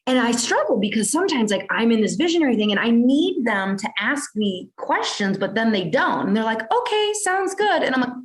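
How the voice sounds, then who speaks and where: A woman's voice: fairly high pitch, animated, brisk, hardly any pauses. A woman hosting a podcast interview, talking casually with frequent fillers and restarts. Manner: chatty, with lots of "like" fillers and restarts. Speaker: podcast host.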